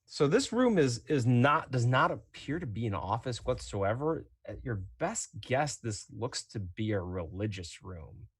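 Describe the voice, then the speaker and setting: A man narrating as game master in a tabletop game, relaxed and chatty with many fillers. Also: medium pitch, a little slow, hardly any pauses, slightly rough, no echo, studio quality.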